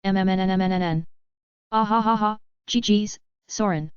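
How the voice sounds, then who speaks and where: A woman's voice: medium pitch, moderate pace, smooth, no room sound, natural voice. A woman voicing a shy, polite young female wolf beastkin who stammers. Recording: dry, slightly dull lo-fi.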